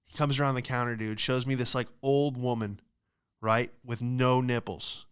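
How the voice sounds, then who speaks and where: A man's voice: medium pitch, fairly even intonation, normal speed, clear, resonant tone. A young man hosting his own show, rambling through self-deprecating comic stories and acting out the people in them. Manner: rambling, self-deprecating, acts out quoted voices. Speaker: podcast host. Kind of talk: comedic storytelling monologue.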